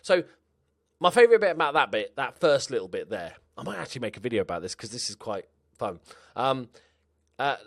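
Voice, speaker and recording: A man talking his way through a football management game in a loose, chatty tone. His voice is dry and close, with no room echo, and it sits at a middling pitch. He jumps up when something happens on the pitch. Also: big pitch swings, brisk, creaky. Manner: chatty, reacts loudly to match events, laughs at own jokes. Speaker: gaming YouTuber. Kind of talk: casual game commentary.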